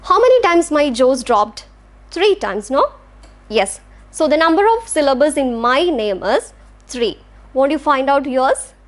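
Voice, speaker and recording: High-voiced woman teaching English. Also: sing-song, measured pace. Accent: Indian English. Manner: patient, demonstrates words syllable by syllable. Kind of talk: classroom lecture.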